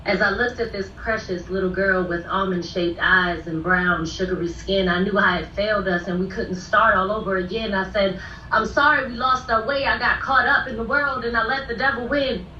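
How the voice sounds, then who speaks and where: A woman's voice: mid-range voice, steady tone, moderate pace, sharp tone, slight background noise. Woman performing spoken word over a call. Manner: rhythmic, declamatory delivery. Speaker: poet in a group call. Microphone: video call. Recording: distant, dull echoey call audio.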